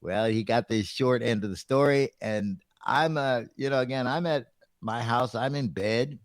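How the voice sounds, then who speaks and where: A man's voice: medium pitch, normal speed, dry recording, clean studio sound. A middle-aged man and radio show host, casually telling a story and acting out the other people's lines.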